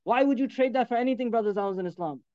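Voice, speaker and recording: A man's voice: very high-pitched, very fast, dry recording, muffled recording. A man preaching a sermon, exhorting his listeners in an emphatic voice and repeating phrases for effect.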